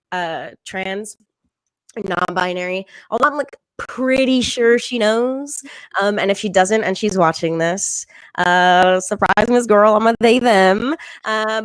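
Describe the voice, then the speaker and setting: Deadpan young comic with a dry sound. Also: female voice, medium pitch, no room sound, rough recording. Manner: deadpan, with frequent ums and little laughs. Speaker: stand-up comedian. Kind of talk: stand-up comedy set. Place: home, virtual show.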